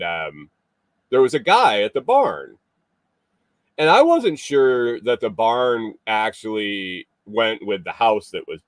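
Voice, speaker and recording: A man with a low voice telling a casual story as a show host. He rambles, circling back with fillers and restarts. The sound is dry and close. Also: no echo.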